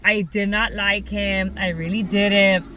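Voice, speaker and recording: Bright-voiced young woman telling a story. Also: medium pitch, level tone, takes it slowly, slight background noise, rough recording. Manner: chatty, says "like" and "you guys" often. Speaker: vlogger. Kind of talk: casual storytelling to viewers.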